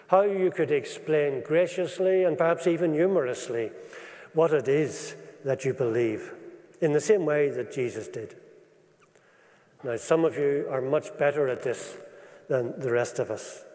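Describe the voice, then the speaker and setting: A man preaching a sermon in an earnest, measured way, slowing down to stress the scripture he quotes. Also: on the high side, dark tone. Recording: long reverb of a large hall.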